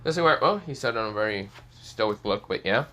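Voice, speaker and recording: A man's voice: fairly low pitch, lively intonation, fairly quick, pushed and bright, a little hiss or hum. A man improvising a fan story aloud, rambling and hesitant, with many fillers.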